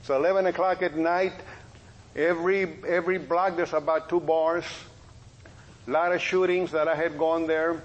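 A middle-aged man, a preacher and police officer, telling a testimony in a sermon as a folksy story with lively quoted dialogue. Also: a little high, moderate pace, muffled recording.

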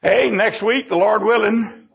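A man's voice: high-pitched, fairly even intonation, unhurried, gravelly, breathy edge. An older man teaching a Bible lesson in a folksy, emotional way, acting out the scenes as he goes. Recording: dull lo-fi recording.

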